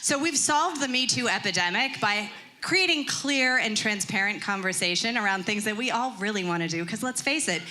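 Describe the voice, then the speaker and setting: A woman, a startup founder, giving a quick, cheeky elevator pitch with punchy delivery. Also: animated, sharp tone, slight background noise.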